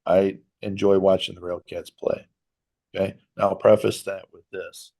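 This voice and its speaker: A man co-hosting a casual sports podcast, talking in a measured, earnest way and stressing his points with care. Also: low-pitched, little pitch movement, vocal fry, warm tone. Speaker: podcast co-host.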